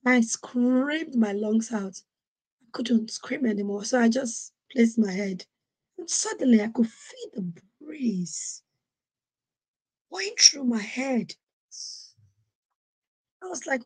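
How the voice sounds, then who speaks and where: A woman from Nigeria hosting a podcast, telling a personal story in an animated way and acting out what other people said. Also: a little high, slow, pauses often, breathy edge. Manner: animated, acts out quoted voices. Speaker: podcast host. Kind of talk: storytelling monologue.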